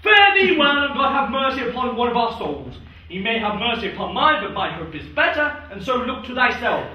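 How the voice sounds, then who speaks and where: Guy doing a rowdy drunk knight on stage, high bright voice, roomy hall, mic far away. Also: sing-song, a little fast, highs cut off. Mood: scheming. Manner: loud, declamatory, laughing. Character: boisterous drunken knight, loud and scheming. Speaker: student stage actor. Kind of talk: Shakespeare stage performance. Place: theatre stage.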